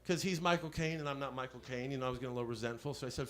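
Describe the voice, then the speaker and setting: A man's voice: medium pitch, a bit bright. Rambling stand-up comic man on a club stage. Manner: rambling, self-deprecating, quick asides. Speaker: stand-up comedian. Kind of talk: stand-up set.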